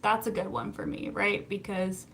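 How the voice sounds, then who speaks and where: A woman's voice: medium pitch, little pitch movement, moderate pace, a bit bright, slight background noise. A young adult woman, a psychotherapist, chatting casually on a live stream, reading viewer comments and laughing often. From Canada.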